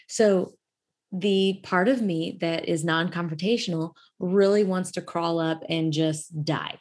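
A woman's voice: lowish voice, takes it slowly, a little mellow, husky. Chatty young woman host, laughing often. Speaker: podcast host. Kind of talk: casual storytelling chat.

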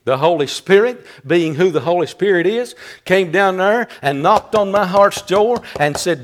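A pastor in his sixties delivers a sermon in a high, ringing voice. He drives his points home with emphatic repetition and swells into fervent cries. The preaching never settles into a flat, even tone. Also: moderate pace, hardly any pauses. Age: 60s.

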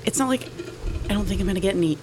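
A woman co-hosting a casual podcast, talking softly and giggling, poking fun at herself. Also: medium pitch, racing, slight background noise. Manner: soft-spoken, giggly, self-deprecating. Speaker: podcast co-host. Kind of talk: casual chat.

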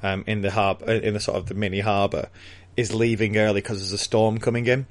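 Man, lowish voice, casual book chat, laughs a lot, playful retelling. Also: flat delivery, a little fast. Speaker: podcast co-host.

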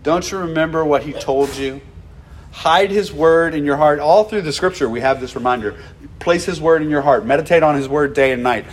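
A man preaching a sermon, animated and acting out the voices of the people he quotes. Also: on the high side, fairly quick, a little hiss or hum. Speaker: pastor.

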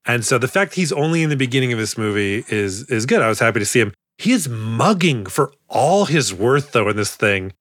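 A man's voice: medium pitch, sing-song, brisk, hardly any pauses, fairly bright tone, no echo, clean studio sound. A young man co-hosting a podcast in casual chat, rambling, correcting himself and laughing often. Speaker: podcast co-host.

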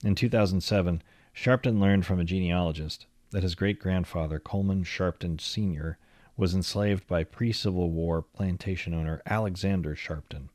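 A man reading a long-form magazine feature aloud in a measured, literary storytelling manner. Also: sits low, darkish tone, no room sound, clean studio sound. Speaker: narrator.

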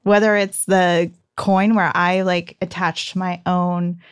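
A woman telling a personal story in casual chat, animated and full of "like"s. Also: lowish voice, slow pace, clean tone, no echo, clean studio sound. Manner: animated, breathless storytelling with many "like"s.

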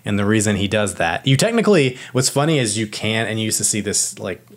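Man, casual explainer, low voice, rambling and talky, breathless at times. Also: lively intonation, a little fast. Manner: rambling, lots of "like" and restarts. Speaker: explainer of football rules. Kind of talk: casual chat.

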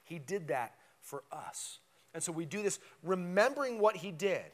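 A man's voice: high voice, animated, normal speed. A man preaching a conversational, emphatic sermon in a church, often checking in with "right?". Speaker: pastor. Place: church sanctuary.

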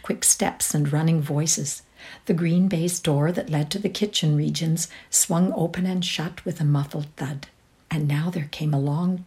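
Lower-voiced woman reader, expressive storytelling, drops to whispers. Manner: expressive, sinks to a whisper in quiet passages. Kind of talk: dramatic reading of a short story.

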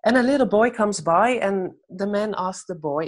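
A woman giving gentle, measured answers in a faith-based conversation and telling a short story. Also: mid-range voice, expressive. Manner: gentle, measured, tells stories. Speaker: guest speaker on faith and anxiety.

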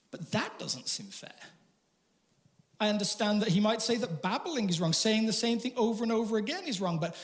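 High-voiced preacher in reverberant hall. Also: male voice. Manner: conversational with rhetorical questions and humorous asides. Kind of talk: sermon. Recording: long reverb of a large hall.

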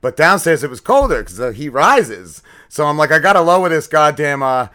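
Man, podcast co-host, bright forward voice, casual chat, rambling, swears a lot. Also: a little high, big pitch swings, normal speed. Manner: rambling, profane storytelling with lots of fillers.

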